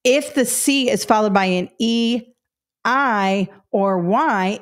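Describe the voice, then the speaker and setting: A woman's voice: on the high side, slow pace. A middle-aged woman teaching a test-prep webinar, explaining step by step, correcting herself and talking straight to viewers. Her throat is a little dry. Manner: explanatory, self-correcting, addresses viewers directly. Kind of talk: webinar lesson.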